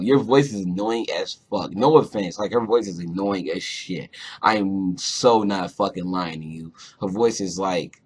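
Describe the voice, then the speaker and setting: A young man's husky, low voice rambling through a casual cartoon review. He swears freely and keeps circling back with fillers. He sounds loose and unpolished, with a grainy edge to every word. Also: brisk. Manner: rambling, profane, lots of fillers. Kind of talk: casual episode review vlog.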